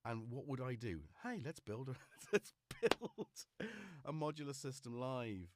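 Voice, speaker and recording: A man with a mid-range voice and a Liverpool-tinged British accent hosts a casual live stream from his home studio, full of cold and rambling in a chatty, self-mocking way. He talks at normal speed, and the recording is very noisy.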